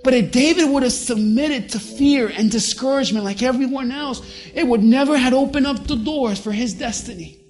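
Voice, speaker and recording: A pastor preaching a sermon with emphasis, slowing down to stress key words. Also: medium pitch, darkish tone.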